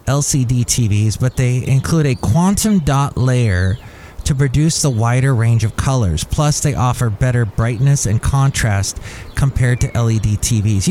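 A man's voice: medium pitch, a little mellow, slight background noise. A man hosting a solo podcast, reading out facts and breaking off into joking asides. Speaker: podcast host. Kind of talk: solo podcast monologue reading tech info.

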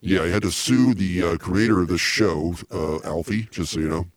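A man hosting a comedy podcast, rambling excitably with many restarts. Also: low-pitched, moderate pace, no room sound. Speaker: podcast host.

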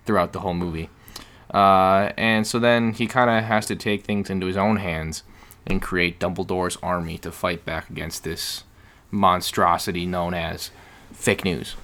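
A man's voice: low voice, steady tone, normal speed, fairly bright tone. A man hosting a casual podcast chat, explaining at length in long turns and joking along the way. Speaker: podcast host.

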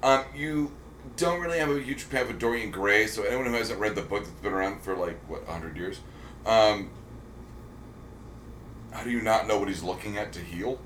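A fairly low-pitched but fairly bright male voice, at normal speed, belongs to a podcast co-host chatting about films and shows. He rambles, restarting often and saying um a lot; the audio has roomy echo and slight noise.

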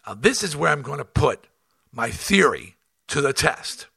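A man, a rock band front man, telling tour stories in a blunt, profane, animated way, acting out what was said and often restarting his sentences. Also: fairly high pitch, unhurried, vocal fry, breathy edge, no room sound, clean studio sound. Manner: animated, acts out quotes, frequent restarts. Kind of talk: casual storytelling.

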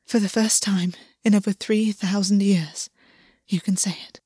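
A woman's voice: a little high, steady tone, a little fast, no echo, clean studio sound, natural voice. A woman whispering as an ancient weary king. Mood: weary tender. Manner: soft hushed whisper. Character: ancient weary male king, tender and shaken.

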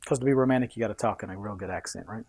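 A man's voice: fairly low pitch, rapid-fire, darkish tone, no room sound. Casual, joking preacher man. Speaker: pastor. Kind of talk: sermon.

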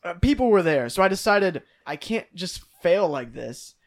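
A man co-hosting a comedy podcast who reads listener posts aloud, animated and playful, with sudden loud outbursts. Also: high voice, normal speed. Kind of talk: casual comedic chat, reading aloud.

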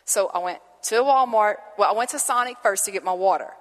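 A woman pastor telling a lively personal story in a sermon, acting out the dialogue as she goes. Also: medium pitch, brisk, soft background music. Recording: long reverb of a hall.

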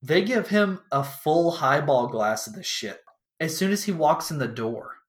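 A man's voice: a little high, lively intonation, unhurried. A young man telling a long, rambling story in casual chat as a podcast co-host, acting out what people said and swearing freely. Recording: echoey room.

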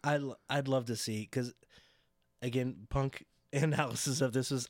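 A man's voice: moderate pace, no room sound, studio quality. A man co-hosting a podcast, chatting casually about wrestling and acting out quotes in mocking voices. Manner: animated, acts out quotes in high mocking voices. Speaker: podcast co-host.

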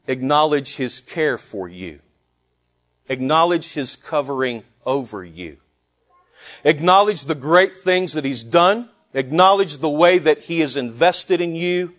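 A man preaching a sermon, measured and emphatic, building on repeated phrases with deliberate pauses. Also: on the high side, a bit bright. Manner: slow deliberate delivery with pauses. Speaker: pastor.

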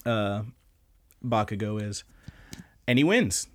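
A young man hosting a podcast, recapping anime episodes in a casual, animated way, swearing often and acting out lines. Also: on the low side, takes it slowly. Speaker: podcast host.

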